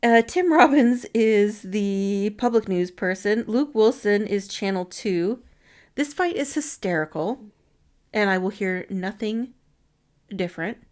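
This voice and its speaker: A woman's voice: mid-range voice, animated, unhurried, darkish tone. A woman co-hosting a podcast, giggling often as she reads a film recap from her notes. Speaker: podcast co-host. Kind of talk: casual chat recapping a film.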